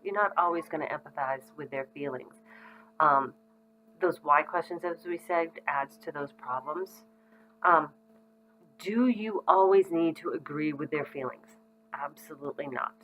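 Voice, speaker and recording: A woman's voice: low-pitched, a little slow, fairly bright tone, faint music behind, low-quality recording. A middle-aged woman giving parents advice in a casual, conversational way, with frequent ums. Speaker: parenting educator. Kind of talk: casual instructional talk to parents.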